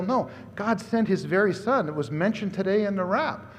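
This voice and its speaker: A man preaching a sermon as pastor, in an animated, conversational way that swings between loud and hushed. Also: high-pitched, a little fast. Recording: long hall reverb.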